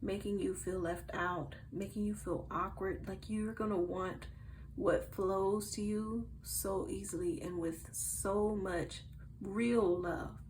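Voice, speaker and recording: With a mid-range voice, a woman gives her viewers a casual, chatty tarot reading, swinging between soft murmurs and loud bursts. There's background noise in the recording.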